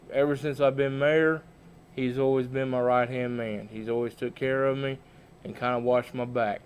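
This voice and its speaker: A man hosting a livestream as a small-town mayor, telling comic stories in a folksy, animated way. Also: medium pitch, smooth.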